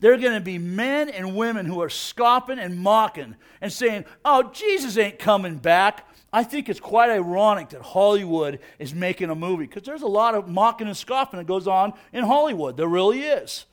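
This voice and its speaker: A middle-aged man giving a casual, energetic sermon, peppering his talk with "man" and asking "you know what?". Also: sits high, moderate pace, few pauses. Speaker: preacher.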